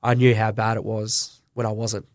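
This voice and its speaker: A man's voice: lowish voice, flat delivery, normal speed, no room sound. Middle-aged Aussie man, earnest guest storyteller, dry close sound. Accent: Australian. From Australia. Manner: earnest, emotional storyteller who acts out quoted dialogue. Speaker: guest, butcher and business owner. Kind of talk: candid storytelling interview.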